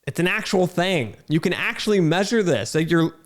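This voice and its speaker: A man's voice: high voice, expressive, moderate pace. A man ranting in a frustrated, emphatic way, repeating himself with fillers and restarts. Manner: irritated and incredulous. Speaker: video host. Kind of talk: frustrated talking-head rant.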